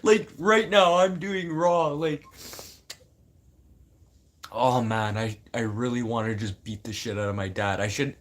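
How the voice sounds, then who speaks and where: A man from Manitoba venting in a casual, unscripted talk to camera, swearing a lot and swinging from loud outbursts to low mutters. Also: a little slow, long pauses. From Manitoba, Canada. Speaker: vlogger.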